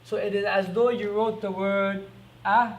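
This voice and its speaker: A man teaching an Arabic lesson, repeating each word slowly and asking quick rhetorical questions as he writes on a board. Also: sits high, flat delivery. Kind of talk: recorded classroom lesson.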